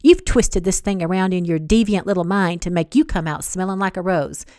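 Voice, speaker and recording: A woman doing a gruff, scornful cowboy. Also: a little fast, mellow, dry recording, clean studio sound, natural voice. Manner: gruff, sneering, lower-pitched.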